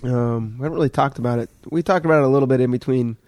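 A man's voice: mid-range voice, racing, a little mellow, no echo. A man hosting a podcast, talking loosely with an old friend and swearing freely. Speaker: podcast host. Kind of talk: casual conversation with a friend.

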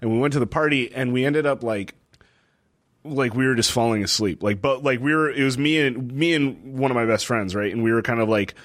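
Man, young, casual chat, laughs a lot, mid pitch, dry close mic. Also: a little fast, dry recording. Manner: animated storyteller, laughs often, acts out quotes. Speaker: podcast co-host. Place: lives in a city in the northeastern United States.

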